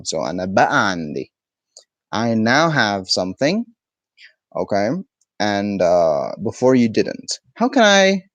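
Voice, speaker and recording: A lower-pitched man explains words patiently during a live-stream lesson, pausing to hum and check in with "okay?". His voice is recorded close and dry, with no room sound. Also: dry recording. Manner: explains patiently, answers chat questions, frequent "okay?" and hums. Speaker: Arabic teacher.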